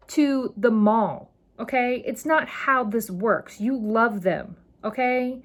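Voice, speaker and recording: A woman's voice: fairly high pitch, slow. A woman in her thirties hosting a solo podcast, talking in an impassioned, rambling, emphatic way. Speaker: podcast host. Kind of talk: casual solo podcast monologue.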